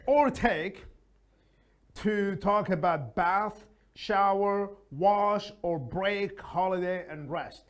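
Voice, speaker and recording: A man's voice: high-pitched, fairly bright tone. A man teaching an English lesson in a chatty, casual way, often adding his own opinions. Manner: chatty, gives opinions, frequent fillers.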